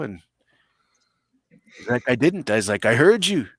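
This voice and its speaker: A man's voice: medium pitch, very animated, moderate pace, pauses often, dry recording. A man on a podcast, telling crude comic stories in a blunt, boisterous, self-mocking way and swearing often. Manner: boisterous, swears a lot, acts out voices in stories. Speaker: podcast guest.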